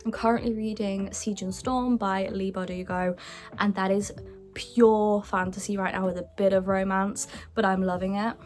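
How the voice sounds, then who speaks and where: Chatty, excitable young woman. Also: mid-range voice, normal speed. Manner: chatty and excitable, with hushed asides. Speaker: book vlogger. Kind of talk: casual chat showing her books. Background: faint background music.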